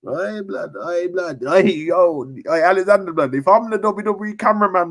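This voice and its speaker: A young man chatting casually on a live stream about wrestling, full of slang, jumping between shouting and near-whispers. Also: sits high, measured pace.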